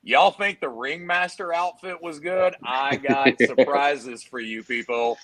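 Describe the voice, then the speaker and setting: A middle-aged man from Texas, a guest on a video-call chat show, telling stories in a hammy, animated way and acting out what others said. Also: medium pitch, unhurried, a loud crowd. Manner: animated storyteller, hammy, acts out quotes. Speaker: guest, PDR trainer. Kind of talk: casual chat.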